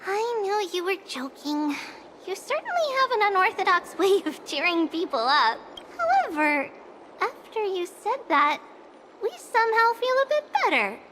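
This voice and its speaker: A high, eager young companion. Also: female voice, big pitch swings, moderate pace, bright, forceful tone, a little hiss or hum, heavily acted. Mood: earnest. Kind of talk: video game voice acting. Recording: game audio with music underneath.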